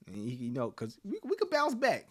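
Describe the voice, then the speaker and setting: A young man hosting his channel rants casually to camera, blunt and profane, laughing between his points. His mid-range voice moves fairly quickly with huge pitch swings.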